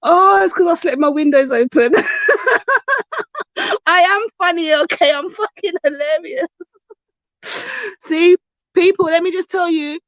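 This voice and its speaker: A woman's voice: very high voice, a bit bright, no echo. A young woman hosting a casual live stream chat, teasing her viewers and laughing almost constantly. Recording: dull lo-fi stream audio.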